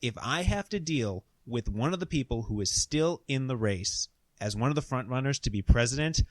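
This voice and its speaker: A man's voice: medium pitch, animated, normal speed, dry recording. Earnest male podcast co-host, dry sound. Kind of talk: casual comedic podcast chat.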